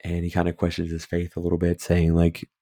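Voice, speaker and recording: A man's voice: sits low, completely flat delivery, brisk, dark tone, no room sound, clean studio sound. A man hosting a podcast, chatting casually and rambling, with lots of filler words and swearing as he sips a beer. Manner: drinking beer while talking. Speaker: podcast host. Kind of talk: casual movie review chat.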